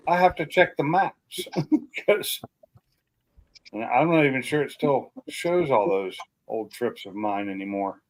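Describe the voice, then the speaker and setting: A man's voice: medium pitch, animated, a little slow, no room sound, rough recording. A man hosting a live stream, welcoming viewers and chatting casually. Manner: friendly, welcoming callers.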